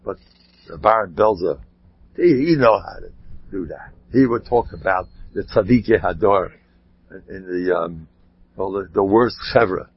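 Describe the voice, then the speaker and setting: A man tells Torah stories in a loose, rambling way, full of animated asides. His voice is husky. The recording is dry and dull, with a lo-fi sound. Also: low voice, normal speed, no room sound. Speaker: rabbi giving a talk. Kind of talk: informal Torah talk with stories.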